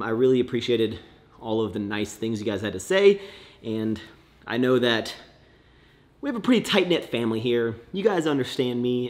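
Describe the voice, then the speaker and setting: A young man talking casually to camera in a vlog, joking and animated, swinging between loud excitement and low mutters. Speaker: fitness vlogger.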